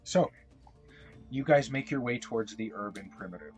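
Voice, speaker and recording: A man's voice: mid-range voice, moderate pace. A man running a tabletop game as game master, narrating casually and rambling a little. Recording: faint background music.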